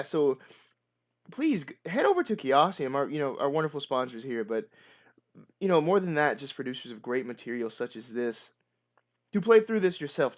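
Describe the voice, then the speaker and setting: Upbeat man narrating a solo tabletop game. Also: a little high. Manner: upbeat, chatty, with frequent fillers.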